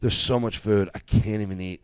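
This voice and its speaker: A man guest telling a long comic story on a casual podcast, animated and profane, laughing as he goes. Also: fairly low pitch, normal speed, clear, resonant tone, dry recording, studio quality. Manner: animated, profane, laughs through his stories. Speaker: comedian guest.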